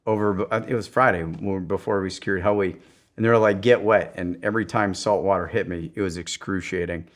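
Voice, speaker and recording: A man's voice: deep voice, a little fast. A man, a special operations veteran, telling stories casually on a podcast, acting out quotes in raised voices and swearing freely. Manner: animated storyteller who acts out quotes in raised voices. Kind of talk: casual storytelling.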